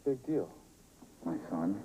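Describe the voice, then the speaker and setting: A gruff, nosy priest. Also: male voice, lowish voice, expressive, takes it slowly, dark tone, slight background noise, rough recording. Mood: impatient. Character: impatient nosy male priest in confession.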